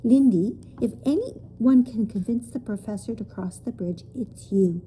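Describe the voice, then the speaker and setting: A woman's voice: fairly high pitch, unhurried, dark tone, a little hiss or hum, close to an everyday voice, low-quality recording. A woman voicing an earnest, coaxing young boy in a storybook reading.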